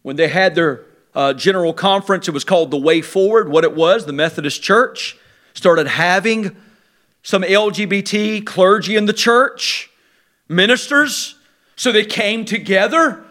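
Male preacher, very high tenor, sharp bright tone, animated delivery with loud peaks and quiet asides. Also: a little slow. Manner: animated, swinging from loud emphatic bursts to low quiet asides. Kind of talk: sermon.

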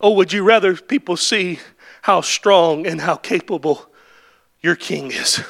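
A male preacher delivering a sermon, swelling into shouted, repeated refrains and then dropping back to quiet, questioning speech. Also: sits high, a little slow, gravelly. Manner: builds to impassioned shouted climaxes, then drops to quiet.

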